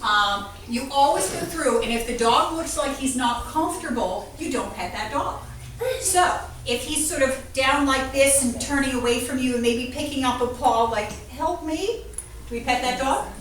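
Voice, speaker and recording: A woman veterinarian giving a playful, animated talk to a class of children, asking them questions. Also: sits high, normal speed. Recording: echoey room from far off, faint noise.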